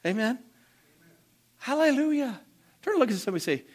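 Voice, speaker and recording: A man preaching a sermon as pastor, animated and calling out to the congregation for responses. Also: very high-pitched, fairly quick.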